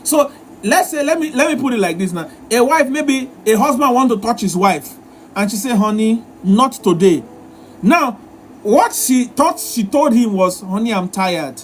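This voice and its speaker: A man's voice: extremely high pitch, expressive, normal speed, a little hiss or hum. A man hosting a live relationship advice session, talking in a repetitive, emphatic, lecturing way. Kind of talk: live-stream advice talk.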